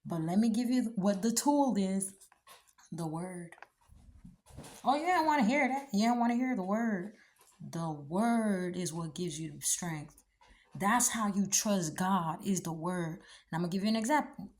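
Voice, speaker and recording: A woman's voice: mid-range voice, measured pace, darkish tone. A woman giving a blunt, preachy faith talk, with slangy asides. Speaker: speaker giving encouragement.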